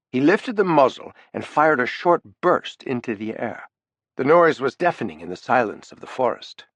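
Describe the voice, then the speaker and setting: Animated male audiobook narrator. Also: medium pitch, normal speed, no echo. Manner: animated, expressive reading. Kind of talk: scripted narration.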